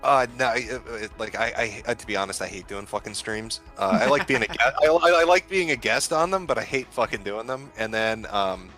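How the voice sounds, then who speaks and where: A man's voice: mid-range voice, a little fast, hardly any pauses, pushed and bright, soft background music. A man guesting on a casual livestream, starting over a lot and swearing bluntly. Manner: stammering restarts, blunt and profane. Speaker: stream guest.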